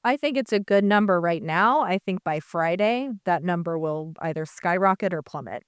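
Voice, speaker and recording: A woman on a stage panel talks politics in a loose, conversational way, leaning on fillers as she thinks aloud. Her voice sits somewhat low for a woman. The recording is dry and close. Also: expressive, moderate pace, clear, resonant tone, no room sound. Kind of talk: panel discussion. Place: conference stage.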